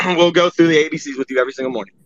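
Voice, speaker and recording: A man's voice: fairly high pitch, rapid-fire. A man hosting a heated live audio chat, profane and mocking, with a lot of "uh" fillers. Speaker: space host. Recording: dry, dull lo-fi audio.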